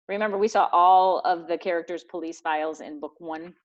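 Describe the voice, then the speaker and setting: A woman's voice: fairly low pitch, steady tone, fairly quick, hardly any pauses. A woman teacher reading a book aloud to her students and explaining as she goes. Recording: dull lo-fi recording.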